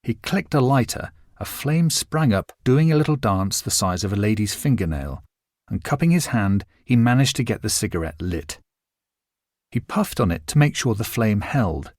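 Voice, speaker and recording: Male narrator for a literary novel, measured and expressive, animated pitch, dry studio sound. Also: no room sound. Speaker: audiobook narrator. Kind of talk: scripted narration.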